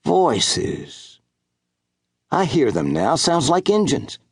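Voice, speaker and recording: A man's voice: on the high side, wildly swooping pitch, extremely slow, creaky, slightly rough, dry recording, clean studio sound, pitched above the performer's own voice, exaggerated voice. A man doing a nervous young Canadian trapper. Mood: hushed. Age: young adult. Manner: hushed, nervous.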